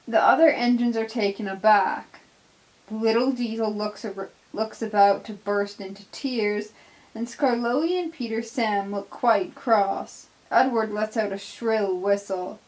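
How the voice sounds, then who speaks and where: A woman's voice: medium pitch, a little slow, low-quality recording. A woman narrating her own fan fiction as a storybook reading.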